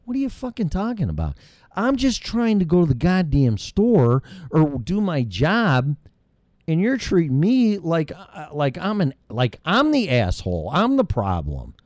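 A man's voice: fairly high pitch, wildly swooping pitch, a little slow, a little mellow, no echo, clean studio sound. A middle-aged man hosting his own show, delivering a heated, rambling monologue full of profanity. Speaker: show host. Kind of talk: ranting monologue.

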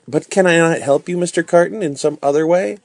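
A man reading a storybook aloud, voicing a kind and earnest young woman in a soft, pleading tone. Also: on the high side, fairly quick, vocal fry, no echo, pitched above the performer's own voice.

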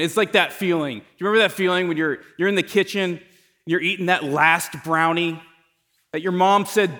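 A man's voice: sits high, moderate pace, sharp tone. Conversational male pastor preaching. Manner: conversational storytelling preacher with self-deprecating jokes; repeats words and restarts phrases. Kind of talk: sermon.

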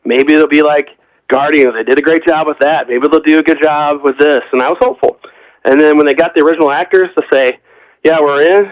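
A man's voice: mid-range voice, no room sound. A man chatting casually on a podcast, telling long rambling stories and acting out what people said. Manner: rambling storyteller, acts out quotes. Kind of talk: casual chat. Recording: dull, dry lo-fi sound.

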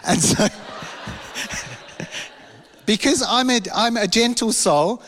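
A man preaches in a church hall, his fairly high voice carrying a long reverb tail. He tells a personal story with lively energy, acting out the voices and laughing at himself as he goes. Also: slow, noisy background. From London. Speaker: pastor.

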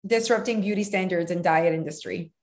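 Animated emphatic woman podcaster. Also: fairly low pitch, fairly quick. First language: French. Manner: animated, emphatic, sprinkled with fillers. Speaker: podcast co-host, nutrition coach. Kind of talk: casual podcast chat.

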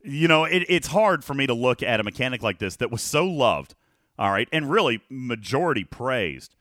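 A man co-hosting a casual gaming podcast, talking emphatically and checking in with listeners as he goes. His voice sits at an ordinary middle pitch. The room sounds dry and close. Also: big pitch swings, normal speed, fairly bright tone, dry recording. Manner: emphatic, reads viewer comments aloud, rhetorical "okay?" check-ins. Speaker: podcast co-host.

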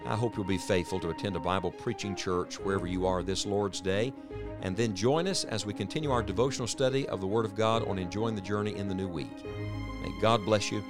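A man hosting a radio program, delivering a calm, earnest scripted sign-off. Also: fairly low pitch, fairly quick. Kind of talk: scripted closing announcement. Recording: music bed underneath.

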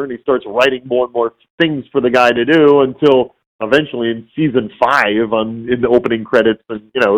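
A man speaking as a guest in a relaxed interview, his voice sitting at an ordinary middle pitch. He tells his stories with lively energy and slips into exaggerated voices for the people he quotes. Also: highs cut off. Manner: animated storyteller who acts out quoted voices. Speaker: voice actor guest. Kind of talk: casual interview storytelling.

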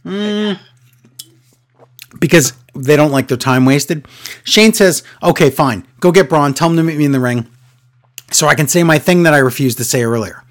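A wrestling podcast co-host with a slightly high voice talks at normal speed, pausing often, during a casual wrestling recap. He's sarcastic and exasperated and frequently mimics wrestlers in a raised voice.

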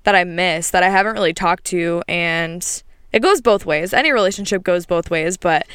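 A woman's voice: lowish voice, normal speed, fairly bright tone, smooth, no echo. A woman co-hosting a casual podcast, cheerful and easy to laugh, who brushes off praise in a playful way. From United States. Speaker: podcast co-host. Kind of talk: casual chat.

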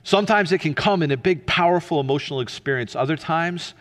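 A man preaching a sermon as pastor, earnest and emphatic, then dropping to a soft, hushed delivery. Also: on the high side, brisk, long reverb tail.

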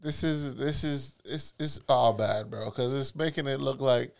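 Co-host, man, very gravelly mid voice, blunt and slangy. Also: medium pitch, measured pace. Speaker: podcast co-host. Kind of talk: casual chat.

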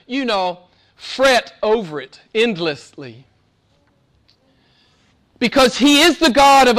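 A man with a Southern American accent preaching a sermon with passion, swinging between loud emphasis and hushed asides. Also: very high voice. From Southern United States. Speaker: pastor.

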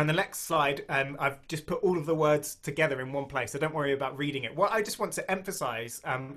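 A man preaching a sermon and reading scripture aloud, slowing down to stress key phrases and speaking conversationally with small restarts. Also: on the high side, a bit bright.

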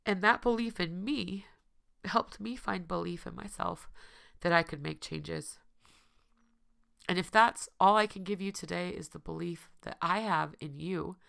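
A woman with a low, heavily gravelly voice, hoarse and tearful. She speaks earnestly to her listeners as a podcast host and recovery coach, repeating phrases over and over for emphasis. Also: a little slow, fairly bright tone. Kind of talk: heartfelt personal address to listeners.

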